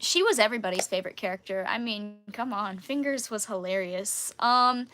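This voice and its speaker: Bright, bubbly young-sounding woman. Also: medium pitch, animated, brisk, few pauses. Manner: bubbly, chatty, giggly. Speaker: channel host answering viewer questions. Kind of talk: casual live Q&A chat.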